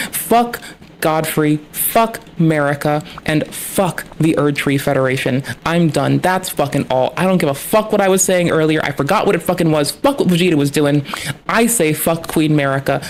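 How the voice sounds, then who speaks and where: Woman streamer, casual rant, heavy profanity, lower register. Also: a little hiss or hum. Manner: profane, ranting, heavy swearing. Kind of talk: casual livestream chat.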